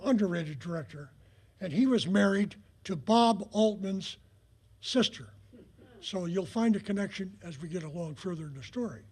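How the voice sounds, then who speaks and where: An older man telling rambling stories to an audience, with many filler pauses and acted-out quotes. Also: high voice, husky. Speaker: retired prop master giving a talk. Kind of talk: anecdotal storytelling talk. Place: talk in front of an audience.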